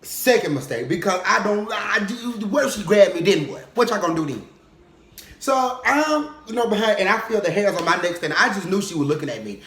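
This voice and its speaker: A young man telling a funny personal story in casual vlog style, animated and comic, often checking in with "okay?". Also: high voice, fairly quick. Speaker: vlogger. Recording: roomy echo.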